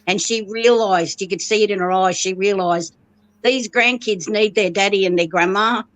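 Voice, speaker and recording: A woman's voice: mid-range voice, moderate pace, no echo, poor audio. A middle-aged woman in casual chat, tearful and emotional, laughing through her tears and breaking off halfway through her sentences. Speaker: guest sharing family news.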